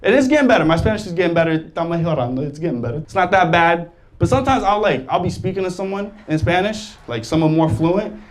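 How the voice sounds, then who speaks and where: A young adult man performing a stand-up comedy set on stage, animated, jumping into loud exaggerated voices for the people he quotes and laughing through his lines. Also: high-pitched, fast talker. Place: comedy stage before a live audience. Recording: live stage mic with clear audience noise. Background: audience laughter.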